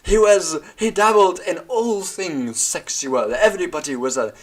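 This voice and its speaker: A man putting on a haughty, posh, upper-class older mother who talks in a slow, plummy, condescending drawl. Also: high-pitched, voice pushed up.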